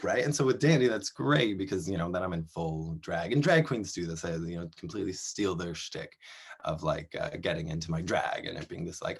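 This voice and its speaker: A man in his thirties, from Canada, speaks in a deep, low voice. He talks through a casual interview in an animated, rambling way, full of fillers and quick laughs. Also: gravelly, husky. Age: 30s. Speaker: performer and interview guest.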